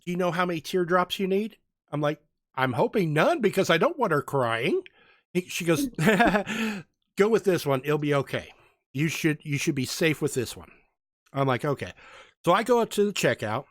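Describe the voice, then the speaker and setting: A man with a slightly high voice tells a long, animated story in a casual chat. He acts out the people he met along the way. The sound is close and dry, with no room around it. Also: moderate pace, no echo. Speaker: podcast co-host.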